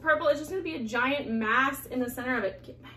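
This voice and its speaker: A young woman vlogging casually, excitable and quick to gasp and exclaim. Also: sits high, a little hiss or hum. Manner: excitable, gasping, exclaims often. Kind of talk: casual vlog narration.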